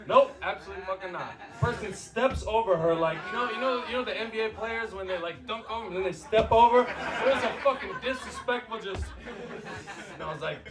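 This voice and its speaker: A man's voice: high voice, fairly quick. A man from the American South doing a profane, brash stand-up comedy set on a bar stage. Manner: brash, profane, fillers like "okay?". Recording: loud live crowd laughter. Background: audience laughing.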